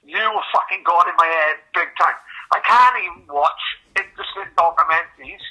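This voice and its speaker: British podcast guy ranting and swearing, high husky voice. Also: fairly quick, low-quality recording. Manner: sweary, animated storytelling. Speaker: podcast co-host. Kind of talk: crude casual banter.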